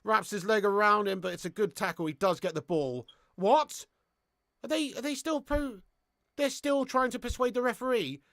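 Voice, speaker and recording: A man hosting a live football watchalong, excitable and swearing freely while chatting to viewers. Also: high voice, vocal fry, no room sound, clean studio sound.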